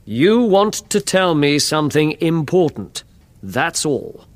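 A man voicing a calm, confident, kindly detective in an audiobook, speaking gently and reassuringly. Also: a little high, slow, voice pushed up. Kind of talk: audiobook character reading.

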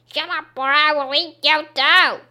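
Woman doing a wicked old witch, slow and menacing. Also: fairly high pitch, sing-song, sharp tone, full character voice. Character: wicked blind old witch, cruel and greedy.

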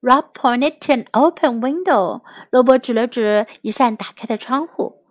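A woman teacher reading a children's story aloud in two languages, clear and expressive. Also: on the high side, dry recording. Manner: clear, expressive, slow English then Chinese.

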